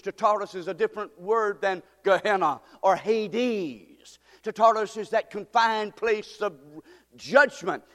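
Man, pastor, sermon, high-pitched, emphatic preaching, echoing church hall. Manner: emphatic preaching, swelling louder and higher on key words.

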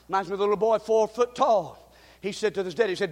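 A male pastor delivers a fiery sermon in a strikingly high voice. He builds his points into shouted, rhythmic refrains and counts them off one by one. His voice rings out with the long reverb of a large church. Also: fast.

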